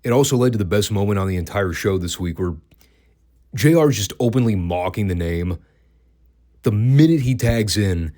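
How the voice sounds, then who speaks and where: A man's voice: fairly low pitch, moderate pace, long pauses, darkish tone. A man hosting a casual wrestling review podcast, dry and profane, cracking himself up at times. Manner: dry, profane, laughs at his own jokes.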